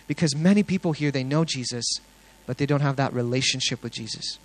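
In a low-quality recording, a young man with a mid-range voice recounts his testimony to a congregation at a fairly quick clip. He sounds earnest and excited, stumbling through lots of fillers and restarts.

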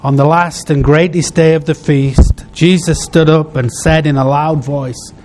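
A man preaching a sermon, heartfelt, in short phrases broken by pauses. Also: fairly high pitch, fairly even intonation, a little mellow, slight background noise.

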